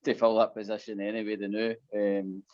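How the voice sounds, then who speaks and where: A man's voice: lowish voice, flat delivery, a little fast, a little mellow. A Scottish man co-hosting a fan phone-in, rambling with lots of restarts and frequent "mate" and "aye". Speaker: co-host of a fan phone-in show. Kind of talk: casual chat. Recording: muffled lo-fi audio.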